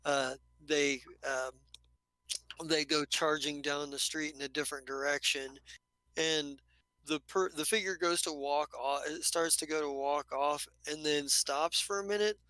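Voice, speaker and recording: A man's voice: on the high side, fairly even intonation, a little slow, pushed and bright, clear, resonant tone, dry recording, rough recording. A man narrating a tabletop game as game master, rambling with many restarts and casual swearing.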